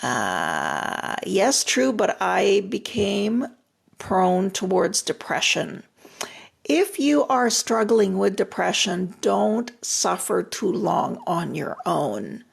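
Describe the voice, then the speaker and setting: An older woman with a deeply gravelly, husky voice gives relationship advice on a live stream. She talks directly and reassuringly, often repeating a phrase for emphasis. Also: big pitch swings, takes it slowly. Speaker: retired relationship therapist giving advice.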